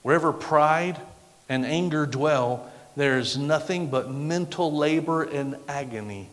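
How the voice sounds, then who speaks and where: A middle-aged man preaching a sermon with a loud, projecting voice, acting out the voices of the people he quotes. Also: fairly high pitch, unhurried. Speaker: pastor. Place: church sanctuary. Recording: long hall reverb.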